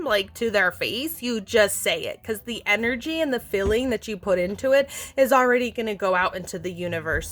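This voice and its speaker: A woman vlogger talking gently and earnestly to camera, walking through a forgiveness practice with many fillers and restarts. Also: medium pitch. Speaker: self-help vlogger. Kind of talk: casual instructional talk to camera.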